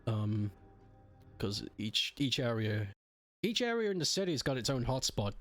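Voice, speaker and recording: A man's voice: medium pitch, sing-song, normal speed, fairly bright tone, faint music behind. A man chatting casually while streaming a game, grumbling about technical trouble. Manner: grumbling, easily frustrated by tech trouble. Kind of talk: casual gaming stream chat.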